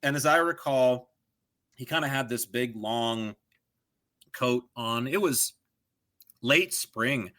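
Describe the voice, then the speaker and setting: Bright-voiced digressive man chatting. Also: medium pitch, takes it slowly, pauses often. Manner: digressive, animated storyteller who does joke voices. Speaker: podcast co-host. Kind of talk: casual chat.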